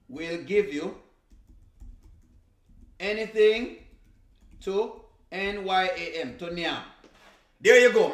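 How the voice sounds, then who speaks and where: On a live stream, a Jamaican reaction streamer with a Jamaican accent chats casually, laughs, teases and slips into patois. His voice is high-pitched and fairly bright, with a reverberant sound.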